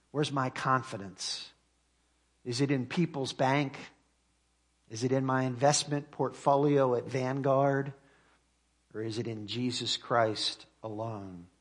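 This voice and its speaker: Male pastor, earnest sermon delivery, mid-pitched voice, reads verses with lifted emphasis and lets phrases fall soft. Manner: earnest preaching, reads scripture aloud with rising emphasis; slows and drops to quiet at phrase ends.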